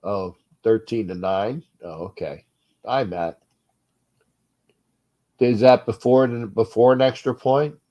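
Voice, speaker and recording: A man hosting a sports fan talk show with a stuffed-up nose, rambling and restarting, his level swinging from low mutters to loud bursts. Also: takes it slowly, pauses often. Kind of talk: uncensored fan rant show.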